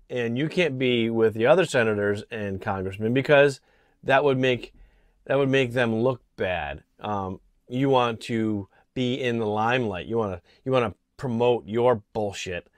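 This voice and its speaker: A man's voice: medium pitch, no room sound. Indignant American man, dry close sound. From Connecticut, USA. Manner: indignant, halting with fillers and restarts. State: clearing throat from allergies. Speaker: political vlogger. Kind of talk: casual opinion monologue. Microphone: small camera mic.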